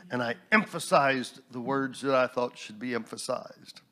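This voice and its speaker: A man, a New Thought minister and instructor, sharing a personal story in a relaxed panel talk with humorous asides. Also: medium pitch, moderate pace.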